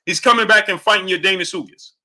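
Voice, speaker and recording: A man hosting a live boxing chat stream who reads super chats, argues with viewers and keeps demanding yes-or-no answers. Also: fast talker. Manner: argumentative, repeatedly demanding answers; greets chatters in a low, quiet aside. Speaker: boxing talk show host.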